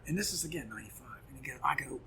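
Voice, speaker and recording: A middle-aged man, a punk musician guest, telling a story in casual chat, animated and profane, acting out quoted dialogue. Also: medium pitch, racing, a little hiss or hum.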